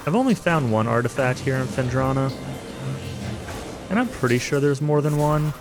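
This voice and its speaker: Over game music, a let's-play streamer with a mid-range voice and lively intonation talks at normal speed through a casual playthrough. He rambles and hedges with frequent fillers, dropping dry, self-aware sarcasm now and then.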